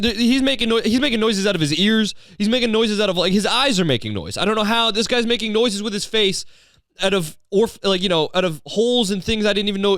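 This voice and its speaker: A man who is a comedian and podcast host, telling a rambling, profane story in a deadpan, digressive way. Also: high-pitched, no echo, studio quality.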